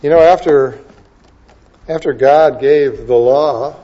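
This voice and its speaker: The audio is dull, but the man's medium-pitched voice comes through warm as he preaches. This pastor asks rhetorical questions and pushes to emphatic peaks, listing scripture references one right after another.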